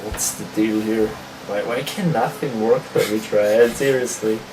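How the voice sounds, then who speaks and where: A man chatting casually while setting up a laptop on camera, laid-back and quick to laugh. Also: fairly low pitch, steady tone, a little mellow, reverberant, a little hiss or hum, poor audio. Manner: laid-back, laughs often, restarts his words. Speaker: tech vlogger. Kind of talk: casual chat.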